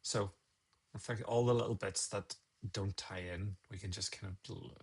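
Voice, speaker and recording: This photographer's voice is lowish and husky, with fairly even intonation and a moderate pace. Teaching photo editing live, he mutters through each step, chides himself, and drifts into chatty asides.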